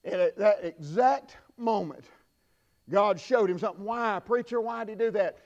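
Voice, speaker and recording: A man preaching a sermon, swinging from hushed asides to shouted peaks. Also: high voice, normal speed. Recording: dull lo-fi recording.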